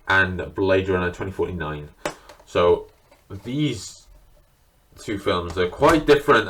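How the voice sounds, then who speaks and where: A video creator shows off his film collection in a casual, unscripted chat to camera, enthusiastic and swearing freely. His voice is deep with a fairly bright tone.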